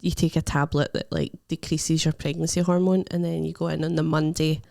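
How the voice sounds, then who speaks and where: A Scottish woman co-hosting a casual podcast, her voice low with a gravelly edge. She tells personal stories bluntly and swears freely. The recording is dry and close. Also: little pitch movement, brisk, darkish tone, no room sound. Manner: frank storytelling, swears and laughs easily. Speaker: podcast co-host. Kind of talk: casual chat.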